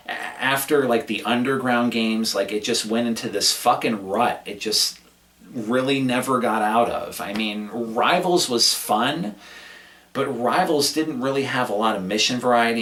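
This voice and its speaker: A man's voice: medium pitch, fairly bright tone, reverberant, distant mic. A man giving a casual, rambling recap of a gaming event, sarcastic and prone to cursing. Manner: sarcastic, profane, rambling rant. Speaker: gaming commentator.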